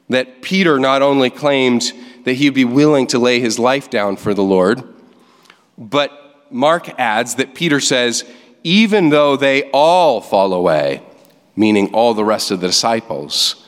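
A man preaching a sermon, reading scripture aloud and explaining it with lively emphasis. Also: mid-range voice, big-room sound. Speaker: pastor. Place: church sanctuary.

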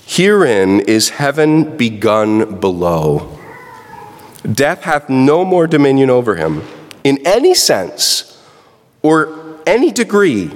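A pastor preaching a sermon, asking rhetorical questions and swinging his pitch widely for emphasis. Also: long reverb tail.

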